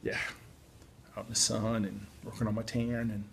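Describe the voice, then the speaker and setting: Tired gravelly-voiced man giving advice. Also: on the low side, level tone, moderate pace. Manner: chatty, apologetic asides, folksy. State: tired and yawning. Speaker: podcast host on job search. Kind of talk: casual spoken advice talk.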